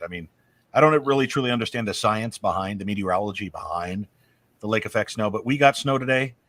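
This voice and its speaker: A married man co-hosting a casual chat, telling stories with animated, opinionated swings and some swearing. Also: fairly low pitch. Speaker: podcast co-host.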